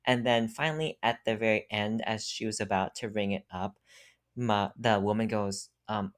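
A young adult co-host chats on a casual podcast, spinning a loose anecdote at a middle pitch. The telling wanders, packed with fillers, and breaks into laughter often. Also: unhurried. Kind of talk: casual chat, storytelling.

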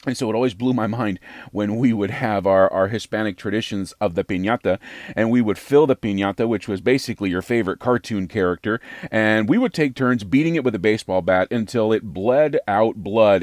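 A man's voice: on the low side, a little fast, a little mellow, dry recording, studio quality. An American man hosting a podcast, giving an opinionated monologue in an emphatic, rhetorical way that repeats phrases for effect. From United States. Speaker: podcast host.

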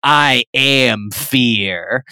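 A man voicing a fanged, shape-shifting politician monster who speaks in a low, slow, boastful growl. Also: bright, forceful tone, clean tone, no room sound, clean studio sound, heavily acted.

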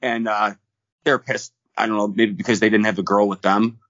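A man co-hosting a podcast, telling rough bar stories in a fast, profane, rambling way full of restarts. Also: fairly low pitch, fairly even intonation, fairly bright tone, no room sound, muffled recording. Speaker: podcast co-host. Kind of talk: casual storytelling.

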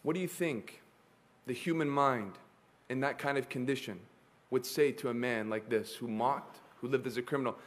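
A man preaching a sermon in an emphatic manner, with dramatic pauses and repetition. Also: mid-range voice.

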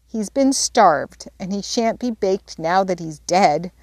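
A woman's voice: mid-range voice, animated, slow, a little mellow, no echo. A woman reading aloud, voicing a young girl who sobs and blames herself over her dead pet bird. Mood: mournful. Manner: tearful and self-reproaching.

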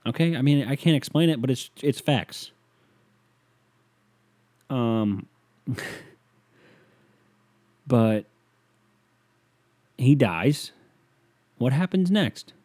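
On his own podcast, a young man talks in a low, loose, deadpan way, swearing without restraint and letting sentences trail off into mumbles. It's a casual solo rant captured dry and close, with no sense of a room.

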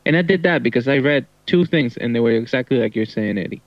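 A man co-hosting a casual podcast, talking haltingly with many pauses and restarts. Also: medium pitch, expressive, no echo. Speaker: podcast co-host. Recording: dry muffled lo-fi sound.

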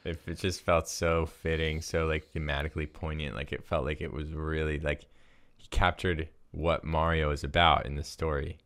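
A very deep-voiced man with a gravelly, creaky tone reads a story aloud for a podcast, chuckling now and then. In casual chat he fills his talk with "like". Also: little pitch movement, normal speed, fairly bright tone, no room sound, studio quality. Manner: laughs while reading, lots of fillers in chat. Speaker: podcast co-host.

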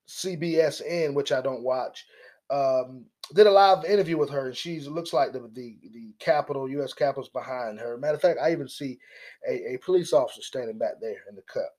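A man hosting a political commentary monologue, animated and mocking, often repeating his words. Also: mid-range voice, fairly quick. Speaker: commentary host.

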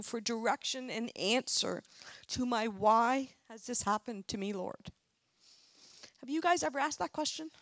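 Speaking in a creaky voice on the high side, a middle-aged woman shares her testimony at church with earnest emotion, sometimes tearful. The recording has no room sound.

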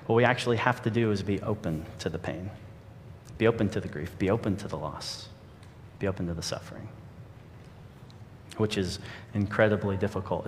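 In a hall full of echo and a faint low rumble, a male pastor reads a story aloud to his congregation. His sermon is earnest and reflective.

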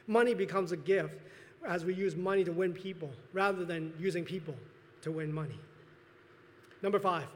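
Guy preaching in church, kinda high voice, long echoey reverb, earnest with lots of little restarts. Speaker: pastor. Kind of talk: sermon. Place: church sanctuary.

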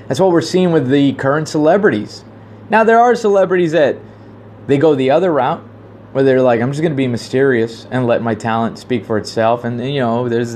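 A man giving a casual commentary monologue, rambling with frequent fillers and restarts, growing animated when he retells a story. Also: medium pitch, slight background noise.

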